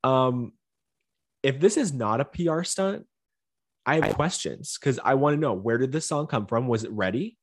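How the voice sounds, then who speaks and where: A man's voice: mid-range voice, normal speed, slightly rough, no echo, clean studio sound. A man co-hosting a podcast, teasing and arguing in a casual chat over a video call. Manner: teasing, animated, argumentative. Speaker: podcast co-host.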